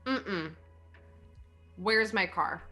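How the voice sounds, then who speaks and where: A woman's voice: mid-range voice, animated, very slow, pushed and bright, faint music behind. A woman playing her character in a tabletop game, exasperated, swearing and repeating herself. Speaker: player.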